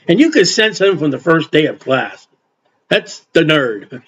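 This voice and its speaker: A man's voice: fairly high pitch, sing-song, unhurried, a bit bright, husky. An older man preaching an informal Bible sermon in a folksy way, acting out quotes and adding asides. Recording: dull lo-fi recording.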